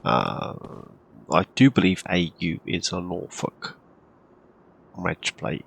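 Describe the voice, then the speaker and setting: A man casually commenting on his farming game, rambling with lots of ums and throat-clearing, hiccuping and coughing now and then. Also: deep voice, animated, slow pace, slight background noise. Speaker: farming game role-play channel host.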